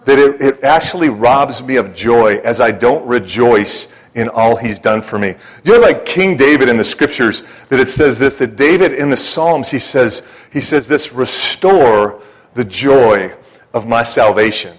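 A man's voice: mid-range voice, expressive, rough recording. A man preaching a casual, joking sermon to a church congregation, stumbling through fillers and restarts. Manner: folksy, joking, halting with many fillers and restarts. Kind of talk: conversational sermon.

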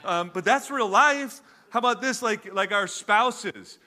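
A male pastor preaching in a loose, conversational way, full of fillers and restarts. His voice sits a little high and sounds bright and forceful. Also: unhurried. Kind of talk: sermon.

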